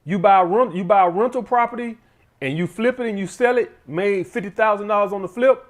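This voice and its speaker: A man's voice: sits high, fairly quick. A man hosting his own channel, giving blunt, profane money advice in a casual monologue and often turning to the audience as "guys.".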